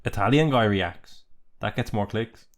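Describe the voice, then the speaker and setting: A man's voice: lowish voice, measured pace. A man co-hosting a podcast, chatting casually in a wry, jokey way and reading bits aloud from a website. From Ireland. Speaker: podcast co-host. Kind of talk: casual chat.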